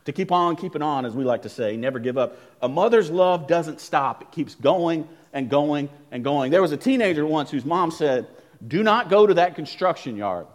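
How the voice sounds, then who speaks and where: A man preaching a sermon as pastor, telling stories emphatically and swinging between loud emphasis and hushed lines. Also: a little high, moderate pace, few pauses.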